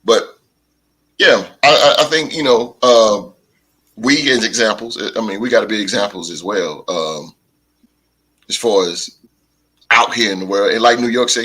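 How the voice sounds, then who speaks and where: A man hosting a podcast, telling stories in a casual chat with animated delivery and big laughs. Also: fairly low pitch, low-quality recording. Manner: animated storytelling, drawn-out laughs. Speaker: podcast host.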